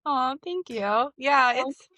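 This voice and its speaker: A young woman guest chats on a podcast, giggling and rambling through lots of fillers. Her voice sits slightly high, and the recording is dry and close. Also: a little fast, a bit bright, no room sound. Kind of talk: casual interview chat.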